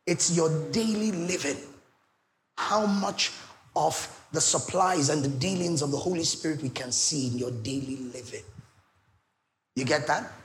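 Emphatic Nigerian pastor preaching. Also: male voice, on the high side, measured pace, a little hiss or hum. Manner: emphatic, shifts between loud declarations and soft pleading asides. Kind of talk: sermon.

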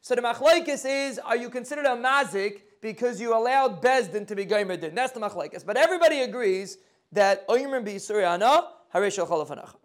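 A man teaching a Talmud lesson, reading the Aramaic text and explaining it in quick with phrasing. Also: very high-pitched, animated. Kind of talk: daf yomi Talmud lesson.

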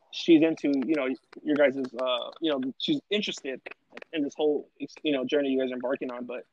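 A man's voice: on the high side, lo-fi sound, slight background noise. A man hosting a casual chat, telling a story in a rambling way with lots of fillers. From Los Angeles. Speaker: podcast host.

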